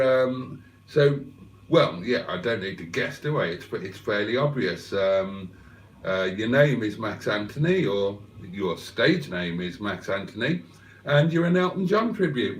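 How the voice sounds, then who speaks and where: A man's voice: medium pitch, recorded from a distance. Rambling man in an echoey room. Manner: chatty, rambling, many fillers and asides. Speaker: livestream host. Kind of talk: casual live chat reading viewer comments.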